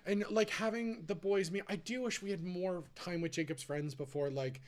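A man co-hosting a podcast, chatting casually with lots of fillers and quick asides. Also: sits high. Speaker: podcast co-host. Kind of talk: casual chat.

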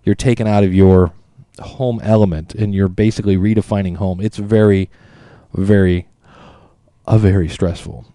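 A man's voice: low voice, fairly even intonation, normal speed, dark tone, no echo, studio quality. A man hosting a weight-loss podcast in a casual, chatty, self-deprecating way, reading listener emails aloud. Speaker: podcast host.

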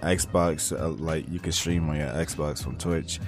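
A young man who makes gaming videos, chatting casually in a soft-spoken, laid-back way with lots of fillers. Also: extremely low pitch, fairly even intonation, takes it slowly, soft background music. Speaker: gaming YouTuber. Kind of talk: casual chat.

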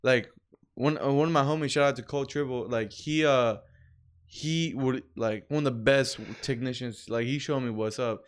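A young man telling laid-back, slangy stories about work in a casual chat, with loud shouted impressions now and then. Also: mid-range voice, moderate pace, clean tone. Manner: slangy, laid-back storytelling, says bro a lot.

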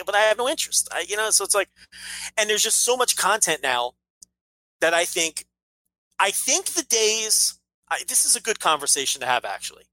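A man co-hosting a casual podcast, talking in a bright, forceful voice. He rants emphatically, swears freely and often restarts his sentences. The sound is dry and close, with no room around it. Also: high voice, dry recording, low-quality recording. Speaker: podcast co-host.

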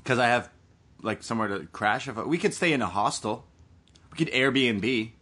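A man's voice: medium pitch, moderate pace, pushed and bright, slightly rough. A man co-hosting a casual podcast chat, joking about himself in a playful way that sometimes trails off. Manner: self-mocking, playful, trails off. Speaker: podcast co-host.

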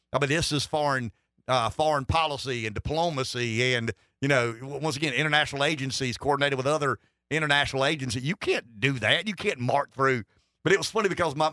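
Bright-voiced rambling male radio host. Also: medium pitch, no echo, studio quality. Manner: rambling, wry, with many restarts. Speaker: radio talk show host. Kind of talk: political talk radio chat. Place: radio studio.

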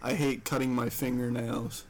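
A man chatting casually on a podcast, telling a story in a halting, hesitant way. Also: medium pitch, little pitch movement, slight background noise.

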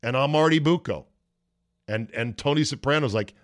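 A man's voice: mid-range voice, normal speed, no echo, clean studio sound. Exasperated, cursing male podcast host. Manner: exasperated, profane, acts out voices in his stories. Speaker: sports talk podcast host. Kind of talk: casual ranting monologue.

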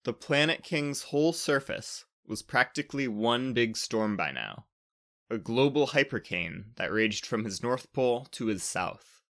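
A man narrating a scripted space fairy tale as the podcast's storyteller, in a steady, expressive read. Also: mid-range voice, a little slow.

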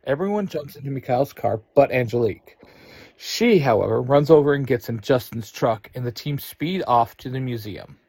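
A man narrating an adventure story in an expressive, unhurried way. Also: mid-range voice, dry recording.

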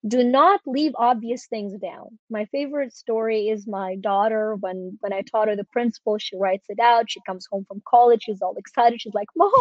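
A woman's voice: a little high, a little mellow, no room sound, dull audio. A woman in her forties, a guest coach on a podcast, teaching a process step by step with eager emphasis. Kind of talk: podcast conversation.

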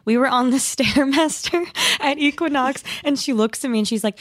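A young woman co-hosts a casual chat podcast, her voice sitting a little high. She tells stories in an animated, giggly way, acting out what people said. The sound is close and dry. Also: a little fast, no echo. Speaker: podcast co-host.

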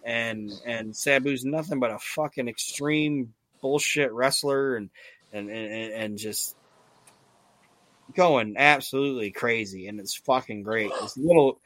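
Male podcast host, mid-pitched, swearing and rambling with excitement, dry close sound. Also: a little slow, no echo. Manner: profane, enthusiastic, rambling with restarts. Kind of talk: casual wrestling podcast chat.

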